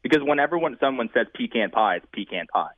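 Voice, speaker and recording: A man's voice: mid-range voice, expressive, fast, no room sound. A man from the Northeastern US co-hosting a podcast, talking casually with emphatic opinions and frequent laughs. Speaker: podcast co-host. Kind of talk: casual chat. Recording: tinny phone-like line.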